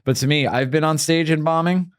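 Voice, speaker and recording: A man's voice: a little high, a little fast, clear, resonant tone, no echo. Guy hosting a podcast, kinda hesitant, lots of uh's, dry close mic. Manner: relaxed, hesitant, lots of fillers and restarts. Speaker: podcast host. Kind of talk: casual chat.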